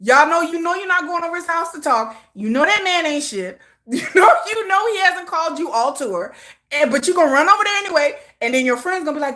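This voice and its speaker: A woman's voice: very high voice, lively intonation, a little fast, pushed and bright. A woman hosting a livestream, telling stories in a playful, gossiping chat and laughing often. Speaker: livestream host. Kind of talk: casual storytelling chat.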